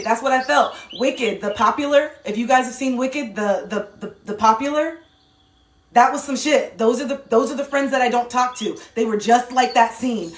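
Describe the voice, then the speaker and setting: A woman's voice: fairly high pitch, distant mic, a little hiss or hum. A woman giving an impassioned livestream monologue into her phone, emphatic and swearing, repeating lines for effect. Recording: echoey room, voice set back from the phone.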